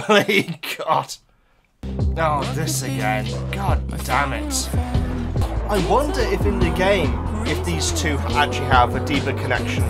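A man hosting a reaction channel, talking in a casual, emotional and rambling way with lots of restarts. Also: medium pitch.

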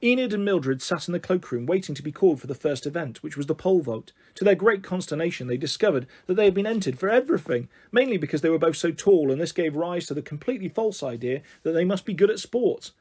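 A man reading a children's story aloud as a storyteller, in a calm, measured way. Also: on the high side, husky.

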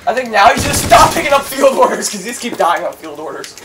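A man giving excited gameplay commentary, yelling and laughing at the game as host. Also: very high voice, quick pace, over music. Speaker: gaming channel host. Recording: distant mic with clear background noise.

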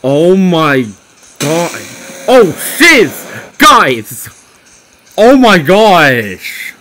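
Panicky young man with a lively voice. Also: high voice, drawn-out words, slight background noise, rough recording. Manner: panicky, exclamatory, addresses viewers as guys. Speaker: gaming video host. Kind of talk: game commentary.

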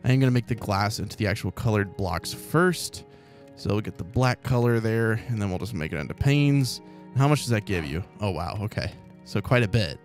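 A man's voice: lowish voice, a little fast. A man from Oklahoma hosting a let's play, chatting casually as he thinks aloud in a rambling, upbeat way. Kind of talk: casual gameplay commentary. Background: faint calm background music.

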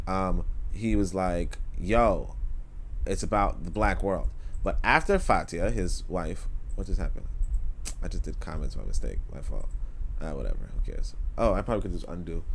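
A man's voice: low-pitched, slight background noise. A man hosting a casual livestream, reading an essay aloud and chatting loosely with his viewers. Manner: digressive, loose and conversational, with many fillers. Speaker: host reading an essay aloud and answering chat.

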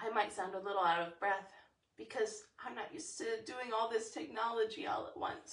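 Encouraging woman leading a vocal warm-up. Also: a little high, reverberant, far from the mic. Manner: encouraging, chatty, drops to breathy whispers. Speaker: voice teacher. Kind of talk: livestreamed singing warm-up lesson. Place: home, over a slow internet livestream.

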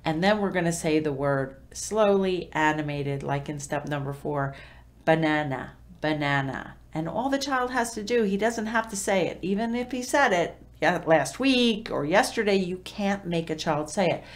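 A woman's voice: on the low side, lively intonation, normal speed, few pauses. A middle-aged woman giving parenting tips to camera in a conversational teaching style, with fillers and self-corrections.

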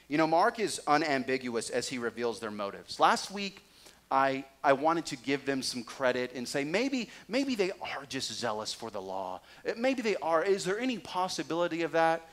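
A male pastor in the middle of a sermon, with a voice of ordinary pitch. He preaches dynamically, rising to loud, pointed emphasis and then dropping to quiet, low asides.

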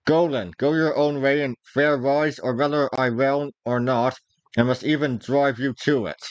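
A man's voice: mid-range voice, fairly even intonation, normal speed, no echo, highs cut off, natural voice. A man reading aloud, voicing a proud, hot-tempered young male outlaw archer in old-fashioned speech. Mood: exasperated. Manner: archaic, old-fashioned speech, forceful outbursts.

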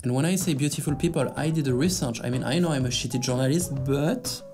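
A man's voice: mid-range voice, fast talker. A man hosting a sarcastic news commentary vlog, with mocking asides, over faint background music.

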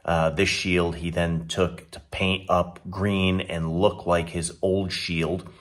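A man's voice: sits low, little pitch movement, takes it slowly. A man recapping his tabletop session and giving casual advice as a dungeon master, rambling along with many restarts.

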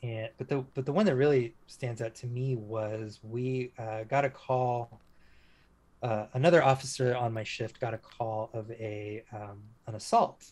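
A man, a former police officer, speaking as an interview guest and telling a story in a casual, halting way, full of restarts and fillers. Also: mid-range voice, steady tone, darkish tone.

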